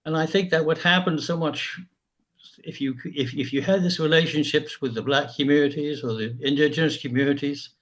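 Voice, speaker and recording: Older man, halting speech. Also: fairly high pitch, steady tone, a bit bright, dull audio. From England. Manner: halting, with many pauses and fillers. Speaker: group member. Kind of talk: reflective group discussion.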